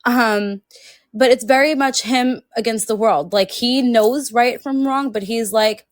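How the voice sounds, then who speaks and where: A woman's voice: a little high, steady tone, slow, no echo. A woman in her thirties, an author being interviewed, talks in a chatty, laughing way and acts out quotes. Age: 30s. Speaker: author guest. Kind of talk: casual interview chat.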